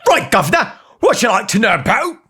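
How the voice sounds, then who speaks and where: A man's voice: sits high, big pitch swings, a little fast, sharp tone, slightly rough, voice pushed up, exaggerated voice. A man putting on a brash Cockney voice assistant. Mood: cheeky. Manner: brash, crude, jaunty. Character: cheeky Cockney male voice assistant.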